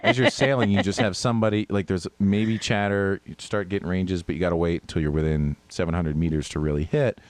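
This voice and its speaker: A man hosting a podcast, telling gaming stories in a lively way and mimicking sounds from the game. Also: deep voice, brisk, few pauses, no echo. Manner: animated storyteller, mimics game sounds and voices. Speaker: podcast host. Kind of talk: casual gaming chat.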